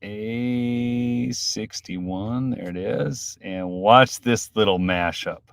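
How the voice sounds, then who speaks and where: A man from Minnesota hosting a live political commentary stream, swinging between loud outbursts and quiet mutters. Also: low voice, a little slow, gravelly, no echo.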